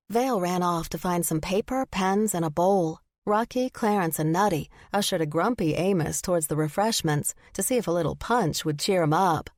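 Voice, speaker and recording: A woman narrating a first-person romance audiobook in an even storytelling manner. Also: lowish voice, dry recording, studio quality.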